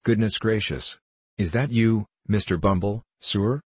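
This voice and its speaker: A man's voice: unhurried, husky, no room sound. A fawning, wheedling baby-farm matron, as a male reader puts her on. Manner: wheedling, falsely humble, lower-class speech. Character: fawning sly woman running a baby farm. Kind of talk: audiobook character voice.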